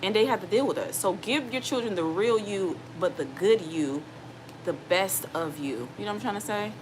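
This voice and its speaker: A woman's voice: medium pitch, lively intonation, moderate pace. A woman in her thirties, a single mom giving casual, earnest advice straight to her viewers. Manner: earnest, direct, addresses viewers as y'all. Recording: noticeable background noise.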